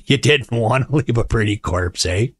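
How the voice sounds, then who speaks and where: A man's voice: mid-range voice, husky, no echo. A man in his forties hosting a casual show from home, telling stories in a wry, joking, conversational way. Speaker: podcast host. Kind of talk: casual storytelling monologue.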